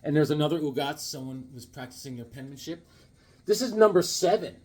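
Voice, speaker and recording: A man hosting a casual vlog about his comic books, talking in a jokey, animated way with sudden exclamations. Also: a little high, fairly quick. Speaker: comic book vlogger. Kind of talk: casual show-and-tell vlog.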